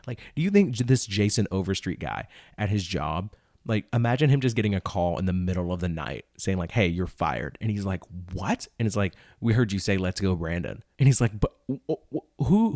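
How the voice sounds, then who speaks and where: A man's voice: fairly low pitch, a little mellow, no echo, studio quality. A young man hosting a podcast, reading tweets aloud and ranting about them in an incredulous, casual way, sometimes putting on mock voices. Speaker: podcast host.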